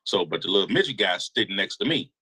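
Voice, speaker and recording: A man telling a long story in a casual interview, animated and slangy. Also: low-pitched, fast talker, slightly rough, rough recording. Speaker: guest storyteller.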